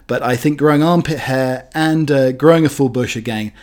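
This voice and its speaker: Rambling, cheeky comedy host. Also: male voice, mid-range voice, normal speed, darkish tone. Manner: rambling, cheeky, hesitant with fillers. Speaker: podcast host. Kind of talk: comic news commentary.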